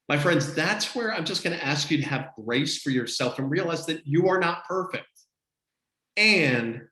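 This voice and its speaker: A man coaching his team on a video call, delivering an energetic, motivational talk with emphatic repetition. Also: on the high side, reverberant, rough recording. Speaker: business coach.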